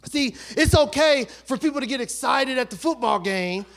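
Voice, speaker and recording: A man preaching as a pastor, swinging between soft asides and shouted, emphatic peaks in a church. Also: very high-pitched, lively intonation, moderate pace. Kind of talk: sermon. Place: church sanctuary.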